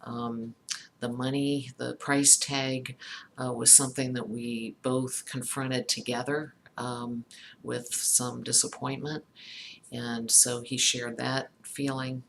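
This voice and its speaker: A middle-aged woman speaking slowly and thoughtfully. She recounts a personal story and often pauses with fillers and restarts. A faint hum of room ambience sits behind her. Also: rumbling low, little pitch movement, vocal fry, a bit bright. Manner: halting, many fillers and restarts. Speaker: psychologist talking about empathy.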